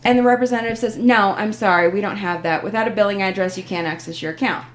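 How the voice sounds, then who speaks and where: A woman's voice: mid-range voice, quick pace, slight background noise. A woman hosting a podcast in casual chat, telling a story with animation and acting out the people she quotes. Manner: animated storyteller, acts out quoted phone reps. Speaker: podcast host.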